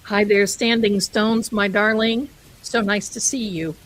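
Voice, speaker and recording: A woman's voice: mid-range voice, steady tone, unhurried, fairly bright tone, a little hiss or hum, rough recording. A woman hosting a live stream, telling ghost stories in a chatty way and calling her viewers "my darling.". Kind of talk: casual live-stream storytelling.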